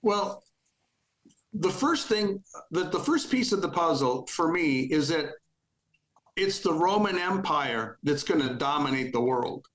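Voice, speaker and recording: A man's voice: a little high, animated, unhurried, a bit bright, reverberant, low-quality recording. A male guest on a talk show, laying out his views step by step. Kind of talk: casual chat.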